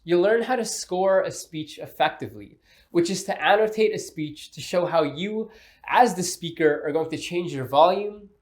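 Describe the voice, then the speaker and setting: Male speech coach, slightly raised pitch, measured scripted teaching with deliberate changes in pace and tone. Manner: measured, clear delivery that shifts pace and pitch to demonstrate. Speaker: speaking coach. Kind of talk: scripted instructional narration.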